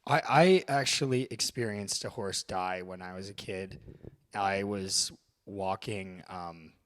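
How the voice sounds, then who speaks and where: A man in his thirties, co-hosting a casual chat and telling stories in an animated way. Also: low voice, takes it slowly. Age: 30s. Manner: animated storyteller, acts out voices. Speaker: co-host.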